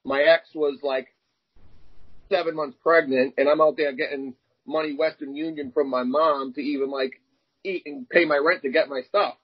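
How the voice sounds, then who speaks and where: In a dull lo-fi recording, a young arm wrestler speaks at a moderate pace in a slightly rough, somewhat high voice. He tells candid personal stories during an interview, animatedly performing the dialogue he quotes.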